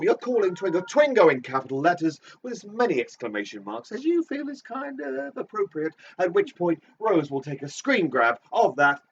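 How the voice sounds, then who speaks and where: A man's voice: on the high side, a little hiss or hum. Camp playful guy hosting a silly live game, voice jumps all over, sounds far off and kinda muffled. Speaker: game show host. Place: small club stage. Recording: distant, dull lo-fi stream audio.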